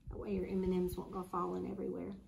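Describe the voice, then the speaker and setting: A woman's voice: fairly low pitch, quick pace, gravelly, lo-fi sound, a little hiss or hum. Upbeat woman hosting a kids' club. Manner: upbeat, kid-friendly, animated. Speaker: librarian hosting a children's club. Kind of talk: reading aloud and craft demo for kids.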